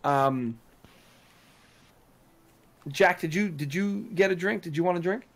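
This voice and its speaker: A man narrating as game master of a tabletop role-playing game, halting often with fillers and restarts. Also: sits high, fairly bright tone.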